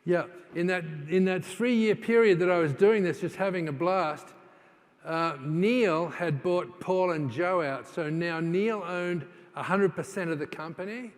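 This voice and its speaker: A man's voice: high voice, measured pace. A man giving a conference keynote, telling stories in a conversational way with many fillers and restarts, now and then acting out what people said. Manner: acts out quoted dialogue in his stories. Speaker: keynote speaker. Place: large conference hall. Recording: long hall reverb.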